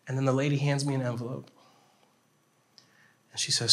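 A male pastor telling a story in a sermon, animated and checking in with his listeners as he goes. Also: mid-range voice, fairly quick, pauses often. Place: chapel hall. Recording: long hall reverb.

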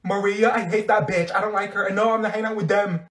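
A man voicing a clingy, dramatic teenage schoolgirl who complains loudly and indignantly in a comedy skit. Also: sits high, fairly even intonation, quick pace. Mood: frantic. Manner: loud, indignant, exaggerated complaining.

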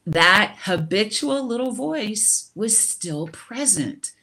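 A middle-aged woman on a video call, sharing her personal experience slowly and reflectively, with frequent laughter and restarts. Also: mid-range voice, expressive, pushed and bright.

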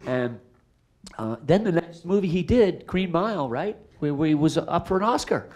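A middle-aged director, his voice a little high and his pace moderate, entertains a post-screening Q&A crowd from the theater stage. He tells anecdotes with animation, performing the different voices as he goes.

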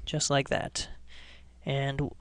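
Guy doing a coding tutorial, even flat voice, super dry close mic. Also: medium pitch, slow pace, clean tone, no echo. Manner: relaxed step-by-step explaining with restarts. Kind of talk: screencast programming lesson.

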